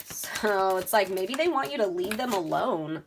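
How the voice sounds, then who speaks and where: A woman's voice: mid-range voice, animated, a little slow, background noise. A woman giving a casual tarot reading, talking straight to her viewers and swearing freely. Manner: chatty, swears freely, addresses viewers directly. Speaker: tarot reader.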